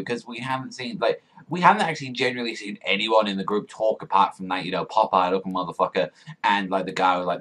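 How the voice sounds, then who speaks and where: With a fairly low-pitched voice, a young man gives offhand commentary on a manga chapter. He gets excited, swears, and rambles along with lots of filler words.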